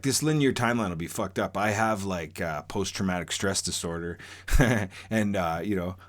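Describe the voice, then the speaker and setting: A man with a low voice recounts a true story from his own life. He's casual, rambling and profane, full of fillers and restarts.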